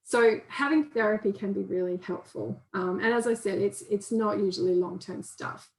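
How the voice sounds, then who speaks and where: A woman's voice: mid-range voice, moderate pace, reverberant, rough recording. A woman counsellor giving an informal, conversational training talk and acting out inner voices in quotes. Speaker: counsellor and guest speaker.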